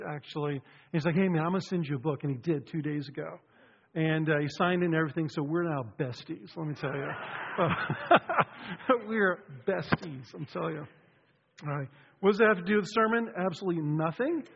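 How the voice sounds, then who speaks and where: Chatty joking pastor in a reverberant hall. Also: male voice, fairly high pitch. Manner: chatty, joking, animated storytelling. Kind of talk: casual sermon opening. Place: church sanctuary. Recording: dull sound, long hall reverb.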